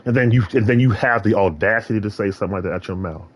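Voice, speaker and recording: A man streaming, talking in a rambling rant that swings between loud outbursts and low muttering. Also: racing, muffled recording.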